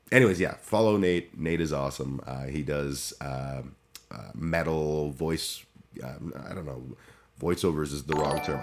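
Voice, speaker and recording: Very deep-voiced rambling streamer man. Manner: rambling, self-deprecating, stop-start. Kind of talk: casual livestream chat.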